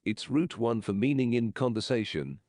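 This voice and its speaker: A man narrating an English lesson in slow, measured, explanatory sentences. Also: medium pitch, very animated, darkish tone, no echo, clean studio sound.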